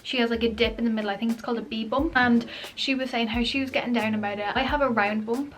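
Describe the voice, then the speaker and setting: Pregnant girl chatting to camera, a bit breathless, says like a lot, slightly high voice. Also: fairly even intonation, fast talker, fairly bright tone, soft background music. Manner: chatty, emphatic, lots of "like". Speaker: vlogger. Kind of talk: casual chat to camera.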